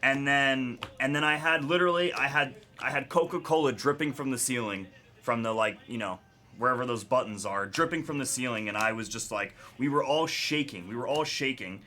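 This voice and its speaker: Between card pulls, a young man with a mid-range, sharp voice keeps up a fairly quick, casual chat on his live break. He tells a story, laughs a lot, and announces the names on the cards he pulls.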